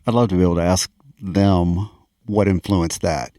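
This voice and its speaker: Male co-host, very deep voice, dry sound, thoughtful questioner. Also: steady tone, moderate pace, warm tone, dry recording. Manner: musing, asking questions aloud. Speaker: podcast co-host. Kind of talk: casual chat about music.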